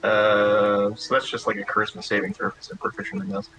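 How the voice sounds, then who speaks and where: A man playing a tabletop game in character, pushy and animated with rapid banter. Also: on the low side, creaky, low-quality recording.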